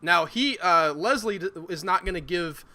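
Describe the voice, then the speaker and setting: A man's voice: high voice, normal speed. A man chatting casually and joking while he plays a tabletop story game with friends. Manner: jokey, animated. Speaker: tabletop game player and show regular. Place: living in the Southern US.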